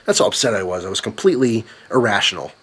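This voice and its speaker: A man's voice: fairly low pitch, animated, fast, a bit bright, husky. A young man telling a story in a vlog, swearing often and ranting with anger. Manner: profane, ranting. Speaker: vlogger.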